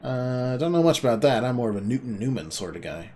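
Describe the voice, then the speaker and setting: A man's voice: mid-range voice, sing-song, fast talker, darkish tone. A man streaming a video game, reading its dialogue aloud in playful mock-archaic voices. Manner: playful, theatrical, jokey. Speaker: let's play streamer.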